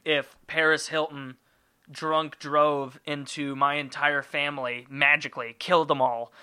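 A man's voice: fairly high pitch, flat delivery, unhurried, pushed and bright, clean tone. A man hosting a podcast alone, rambling in a jokey, profane way. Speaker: podcast host. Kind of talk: casual solo monologue.

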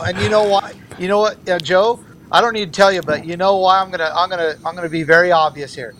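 A man's voice: high-pitched, quick pace, fairly bright tone. A man who is a candidate for governor, speaking as an interview guest and arguing his political views earnestly and emphatically. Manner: earnest, emphatic, argues in repeated phrases.

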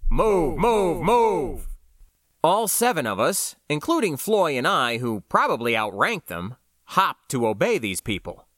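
Lively, expressive male audiobook narrator. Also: mid-range voice, normal speed, no echo, clean studio sound. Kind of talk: first-person scripted narration.

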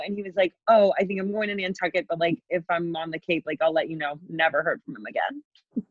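A woman's voice: fairly low pitch, fairly even intonation, fast, dry recording. A woman in her twenties, a podcast guest, telling a wild dating story casually, swearing freely and acting out what people said. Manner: candid, swears freely, acts out quotes. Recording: dry, dull lo-fi sound.

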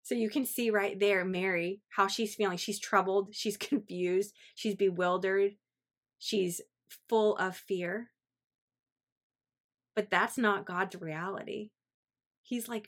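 A woman's voice: medium pitch, fairly even intonation, slow pace. A woman hosting a devotional podcast, talking earnestly and encouragingly and asking her listeners reflective questions. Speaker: faith podcast host. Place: home in Central Florida.

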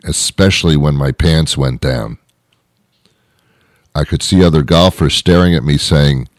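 A man's voice: rumbling low, no room sound, clean studio sound. A man hosting a comedy show, delivering a rambling comic monologue with frequent restarts and mock outrage.

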